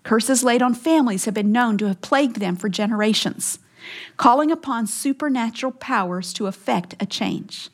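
A woman preaching through a scripture passage with a fairly high voice. She leans hard on key phrases and at moments falls to an almost whispered hush for weight. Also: moderate pace. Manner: emphatic, drops to a hushed whisper for weight. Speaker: Bible teacher. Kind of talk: Bible teaching sermon.

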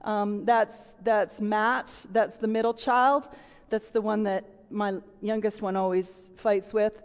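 A middle-aged woman giving a storytelling sermon to a room of listeners, animated and acting out voices and sound effects. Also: mid-range voice, takes it slowly. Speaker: women's speaker. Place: large room with audience. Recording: dull, with long hall reverb.

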